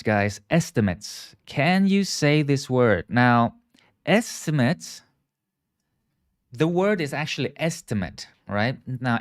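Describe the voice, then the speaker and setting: A man teaching English live, explaining words and asking viewers to repeat after him. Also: medium pitch. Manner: frequent "okay" and "right" checks. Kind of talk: live online English lesson.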